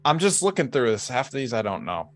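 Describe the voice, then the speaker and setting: A man's voice: mid-range voice, big pitch swings, quick pace, a bit bright. A man with a Boston accent co-hosting a podcast, patiently explaining things in casual chat. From Boston, United States. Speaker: podcast co-host.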